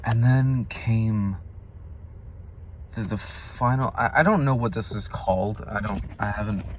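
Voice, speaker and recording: Speaking in a lowish voice at a measured pace, a young man shares an earnest, confessional vlog about his faith that now and then erupts into loud, passionate bursts. A faint hiss or hum runs underneath.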